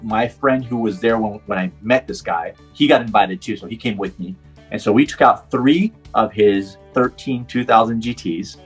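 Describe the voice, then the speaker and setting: A man's voice: lowish voice, moderate pace, breathy edge, faint music behind. A middle-aged man from Puerto Rico who is a professional driver, telling a personal story in an interview and acting out the dialogue. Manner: animated storyteller, acts out quoted dialogue.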